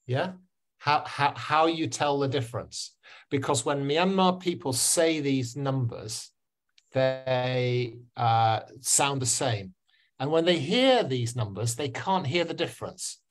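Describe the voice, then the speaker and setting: A man's voice: medium pitch, expressive, takes it slowly. A man teaching English pronunciation on a video call, patiently repeating and drilling words for his students. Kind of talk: online webinar teaching.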